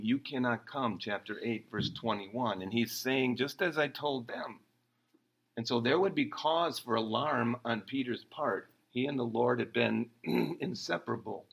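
A man preaching in a relaxed, conversational way while walking his listeners through the passage verse by verse. His voice sits at an ordinary middle pitch. He acts out the lines he quotes. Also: poor audio. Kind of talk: expository sermon.

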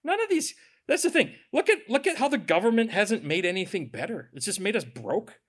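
A man's voice: high-pitched, sing-song, a little fast, a bit bright. A man preaching a sermon as pastor, conversational and joking, with sarcastic asides.

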